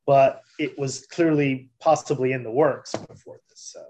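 A man's voice: mid-range voice, steady tone, normal speed, a little mellow, slight background noise. A man co-hosting a podcast in casual chat, chatty and laughing readily. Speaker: podcast co-host.

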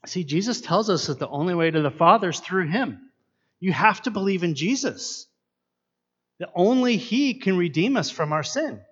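A man's voice: sits high, lively intonation, normal speed, fairly bright tone, breathy edge, highs cut off. A man preaching a sermon, earnest and asking his listeners many questions. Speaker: pastor.

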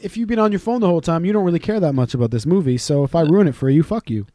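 A man co-hosting a casual podcast, telling stories with lots of swearing and loud acted-out quotes. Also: a little high, expressive, rapid-fire, no echo, studio quality. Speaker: podcast co-host. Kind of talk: casual profane chat.

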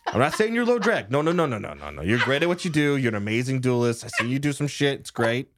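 A man's voice: medium pitch, sing-song, fast, noisy background, pitched above the performer's own voice, close to an everyday voice. A man voicing a brash, blunt male fighter who talks in a brusque, joking way.

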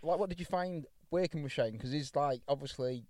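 A man's voice: a little high, fairly quick, a crowd in the background. A man hosting a podcast in casual chat, asking loose questions and chiming in with short agreements. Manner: short encouraging interjections, loose phrasing. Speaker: podcast host.

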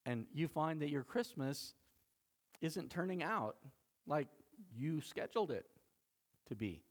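Lively, animated male pastor preaching. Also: on the high side, slow pace. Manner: animated and conversational, laughs often. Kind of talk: sermon.

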